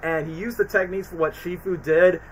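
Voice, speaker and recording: A man streaming a casual film ranking, talking in an excitable, rambling way with many fillers. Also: sits high, fairly quick, a little hiss or hum, low-quality recording. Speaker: streamer reviewing films. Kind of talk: casual chat.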